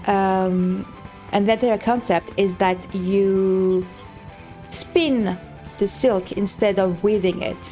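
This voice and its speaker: A woman chats slowly and unhurriedly as she streams a game, drifting from thought to thought. She thinks aloud, trailing off and restarting her sentences with plenty of ums, while soft game music plays underneath. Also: mid-range voice, fairly even intonation. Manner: rambling, thinks aloud with many fillers and restarts. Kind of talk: casual live-stream chat while gaming.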